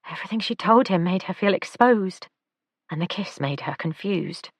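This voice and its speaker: A woman narrating an audiobook in a calm, even storytelling manner. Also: lowish voice, normal speed, dry recording. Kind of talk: scripted narration.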